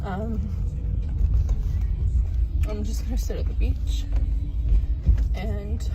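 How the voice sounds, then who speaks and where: A woman vlogging through tears in a car while driving, halting and emotional, with sighs and shaky laughs. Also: medium pitch, level tone, heavy background noise. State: crying. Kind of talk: tearful personal vlog.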